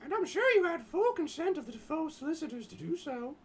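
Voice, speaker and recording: A man's voice: very high voice, very animated, brisk, voice pushed up. A man voicing a prim, indignant female presenter in a point-and-click game, pushing his voice well up.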